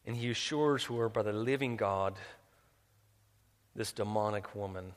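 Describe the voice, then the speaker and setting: A man preaching a sermon. He drops low and quiet, then climbs loud and high for emphasis, often repeating words as he restarts. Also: unhurried, smooth. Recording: long reverb, large hall.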